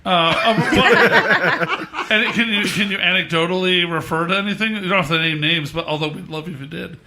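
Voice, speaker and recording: A man hosting a podcast, asking rambling, halting questions full of fillers. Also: high-pitched, very noisy. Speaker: podcast host. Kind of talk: casual interview.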